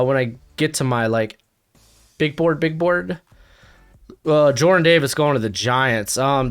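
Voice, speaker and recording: A man hosting a casual solo sports reaction from home, excitable and rambling with many fillers. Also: fairly high pitch. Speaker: sports commentary host. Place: home, with a dog nearby.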